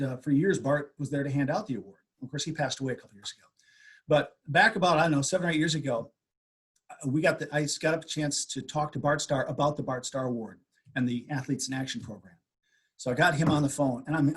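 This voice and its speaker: An older man with a slightly raised, husky voice tells anecdotes from decades on the air. He talks with animated energy and often jumps up in pitch when he quotes people. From USA. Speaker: radio host, guest. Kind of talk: storytelling interview.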